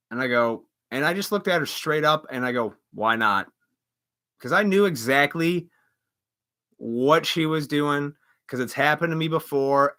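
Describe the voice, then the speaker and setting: A man's voice: medium pitch, sharp tone. A man hosting a live stream, telling a story in a casual, indignant, profanity-laced rant full of restarts.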